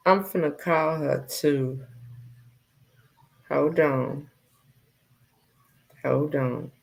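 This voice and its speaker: Low, gravelly-voiced woman hosting a live chat. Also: extremely slow. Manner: heartfelt, repeats phrases. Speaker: livestream host.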